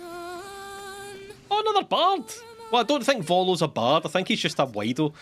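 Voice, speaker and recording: A Scottish man giving jokey, animated commentary while streaming a game. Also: high voice, a little fast, a little hiss or hum. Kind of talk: gameplay commentary.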